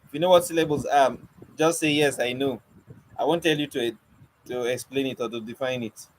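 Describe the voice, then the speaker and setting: A man's voice: medium pitch, fairly quick, a little hiss or hum, low-quality recording. A young man teaching an online poetry lesson, coaxing and questioning his students with light teasing. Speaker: poetry mentor.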